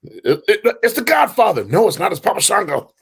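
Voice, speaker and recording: Low gravelly husky guy tossing in quick comments on a podcast, voice jumps around a lot. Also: sing-song, fairly bright tone. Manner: short interjections. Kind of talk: casual chat.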